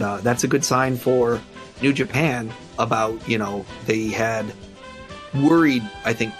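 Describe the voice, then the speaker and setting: A man hosting a podcast in casual chat, his voice grainy as it recovers, rambling with many fillers. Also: fairly low pitch. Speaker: podcast host.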